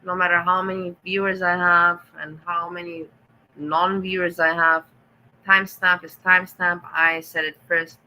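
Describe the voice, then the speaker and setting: A woman's voice: fairly low pitch, level tone, moderate pace, sharp tone, poor audio. A woman with a German accent hosting a casual livestream, reading the chat and answering viewers with sarcastic teasing.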